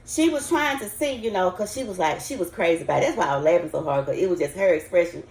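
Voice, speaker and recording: An older Southern woman with a low, gravelly voice talks folksy and chatty straight to her viewers. Her voice swings up and down a lot as she cooks, and the kitchen sounds roomy and echoey. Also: animated, fast talker, darkish tone. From Southern United States. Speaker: home cook. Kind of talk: casual cooking vlog. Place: home kitchen.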